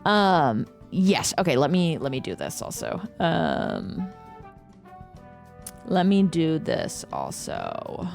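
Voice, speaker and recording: A woman's voice: sits low, huge pitch swings, slow, creaky, darkish tone, faint music behind. A young American woman streaming from home into a desk microphone, chatting casually with viewers, joking, teasing and swearing freely.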